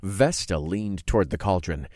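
A man narrating a fantasy audiobook in the first person, expressive and acting out his own reactions. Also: deep voice, normal speed, dry recording, studio quality. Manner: expressive, groaning and cursing in character.

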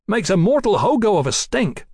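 A man's voice: sits high, big pitch swings, moderate pace, dry recording, clean studio sound, voice pushed up. A man doing a blunt young apprentice. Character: young male mechanic's apprentice.

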